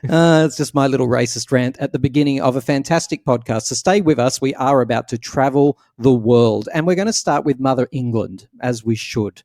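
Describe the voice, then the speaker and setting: A playful man hosts a casual podcast chat, breaking into squealing mock voices now and then. His voice sits at an ordinary middle pitch. The recording is dry and close, with no room sound. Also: fairly quick, few pauses, darkish tone, no room sound. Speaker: podcast host.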